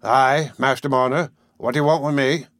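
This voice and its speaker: A man's voice: medium pitch, steady tone, a bit bright, dry recording, clean studio sound, lightly acted. A man reading aloud voices a touchy village drinker who mutters and bristles at being accused. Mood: defensive. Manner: muttering, quick to anger.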